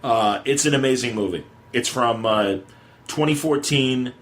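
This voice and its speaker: A man's voice: medium pitch, measured pace, fairly bright tone. Rambling man hosting a podcast. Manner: meandering, lots of fillers and restarts. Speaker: podcast host. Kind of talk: casual chat.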